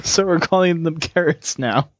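Easygoing podcast host reading submissions. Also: male voice, on the high side, normal speed, no echo, dull audio. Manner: keeps the show moving, reads submissions, laughs easily. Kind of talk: casual gaming podcast chat.

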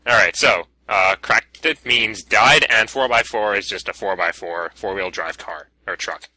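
A man's voice: lowish voice, a little slow, pushed and bright, poor audio. A man co-hosting a casual podcast, reading out listener submissions and prodding his partner. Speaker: podcast host.

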